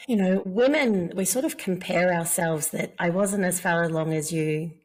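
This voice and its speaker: A woman's voice: lowish voice, a little mellow. A woman guest in a conversational interview, a fertility mentor speaking in an earnest, heartfelt way. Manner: earnest, heartfelt, slow in places.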